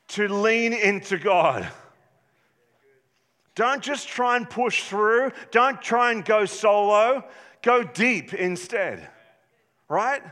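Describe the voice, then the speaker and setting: A man preaching a sermon as pastor, passionate and building up to shouts at times. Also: high-pitched, long reverb tail.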